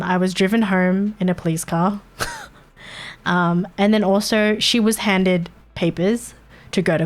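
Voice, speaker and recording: A woman streamer telling a personal story in casual chat, candid and swearing freely, with chuckles between points. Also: medium pitch. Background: faint background music.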